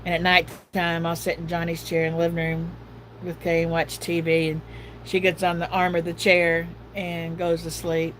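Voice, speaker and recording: A woman's voice: lowish voice, completely flat delivery, normal speed, a little hiss or hum, low-quality recording. A middle-aged woman hosting a casual livestream, talking in a chatty, folksy, rambling way. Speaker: livestream host.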